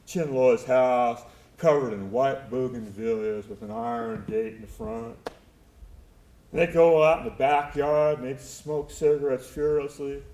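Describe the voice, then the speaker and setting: On stage in an echoey live theater recording, a man performs a one-man monologue, telling his story reflectively, tenderly and wryly. His voice is medium-pitched, unhurried and dark in tone.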